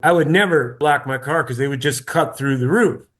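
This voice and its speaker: A man's voice: mid-range voice, brisk. A man co-hosting a podcast, bantering casually and laughing often. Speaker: podcast co-host. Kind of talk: casual chat.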